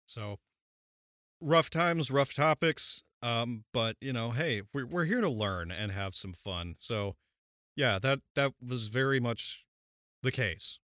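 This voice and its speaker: A man hosting a casual history podcast, chatty and quick to laugh, with plenty of fillers. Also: mid-range voice, a bit bright, no room sound, clean studio sound. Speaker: podcast host.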